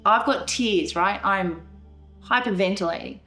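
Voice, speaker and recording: A woman's voice: a little high, measured pace, fairly bright tone, soft background music. A woman telling a painful family story in a documentary interview, acting out the scenes with emotion. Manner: emotional, re-enacting scenes with rising voice. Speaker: veteran's wife telling her story.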